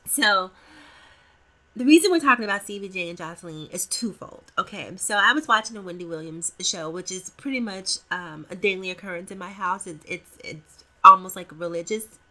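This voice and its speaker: A woman's voice: medium pitch, normal speed, bright, forceful tone. A woman hosting a casual gossip commentary vlog, playful and talking straight to her viewers.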